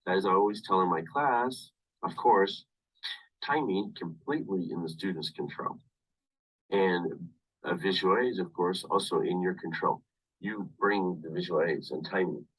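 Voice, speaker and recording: A man teaching a university English class over a video call, explaining slowly and repeating "of course" often. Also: low voice, breathy edge, recorded from a distance, low-quality recording. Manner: repetitive, explains slowly with many "of course" asides. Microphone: computer webcam mic on video call.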